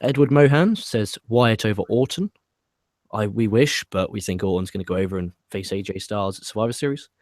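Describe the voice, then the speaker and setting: Low-voiced British man reading comments. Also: lively intonation, fairly quick, darkish tone, no echo, studio quality. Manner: reads live viewer comments aloud, wry and dismissive. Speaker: podcast co-host. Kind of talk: casual wrestling podcast chat.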